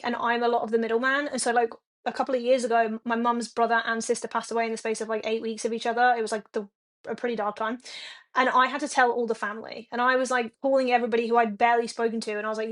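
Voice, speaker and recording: High-voiced woman rambling frankly. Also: steady tone, quick pace, a bit bright. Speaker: streamer. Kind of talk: casual chat to a live stream audience.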